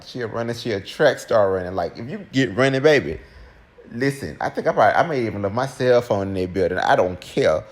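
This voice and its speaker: A young man with a fairly low voice tells a personal story to his viewers. He is animated and chatty and keeps turning to speak straight to his audience. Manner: animated, keeps addressing listeners directly. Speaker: storytime vlogger.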